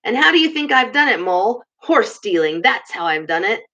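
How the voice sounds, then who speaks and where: A woman voicing a boastful, excitable male toad, in a read-aloud storybook with a dull lo-fi sound. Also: a little high, a little fast, heavily acted. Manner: boastful, excitable, rising to squeals.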